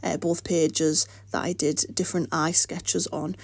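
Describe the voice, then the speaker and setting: A woman's voice: deep voice, flat delivery, a little slow, creaky, slightly rough, no echo. A woman hosting an art vlog, chatting casually and encouragingly while coming down with the flu, her voice starting to go, in her home art studio. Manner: rambling, encouraging. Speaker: art channel host. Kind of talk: casual voice-over chat.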